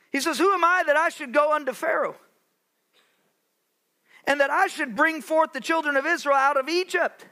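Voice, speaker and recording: High, bright-voiced preaching pastor. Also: male voice. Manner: preaching with dramatic pauses, acting out Bible voices. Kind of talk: sermon. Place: church sanctuary.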